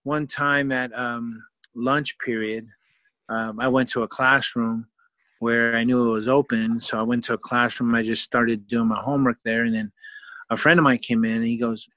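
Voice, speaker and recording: Animated guy telling a self-mocking story, lots of um and like, bright tone. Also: medium pitch, moderate pace, no room sound. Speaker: guest storyteller. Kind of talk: personal storytelling.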